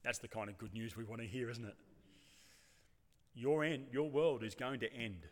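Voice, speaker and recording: A man delivering a reflective sermon, his voice ringing through a church with a long reverb. He speaks at a middle pitch and poses rhetorical questions. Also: normal speed. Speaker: preacher.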